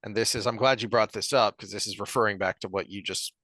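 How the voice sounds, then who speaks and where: Bright, crisp-sounding man discussing a book. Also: lowish voice, fairly even intonation, no echo. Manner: halting, reads passages aloud, many restarts. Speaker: podcast co-host.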